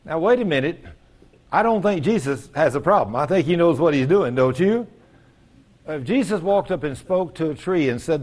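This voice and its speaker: A man's voice: fairly high pitch, animated, normal speed, darkish tone. Folksy man preaching a sermon. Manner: folksy storytelling, acting out quoted voices. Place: church.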